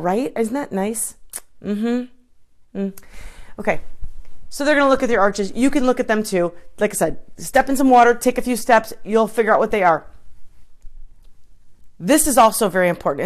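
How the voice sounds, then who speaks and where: A woman coach giving an informal live-streamed talk, chatty, with many restarts and asides to her viewers. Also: fairly high pitch. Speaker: triathlon coach.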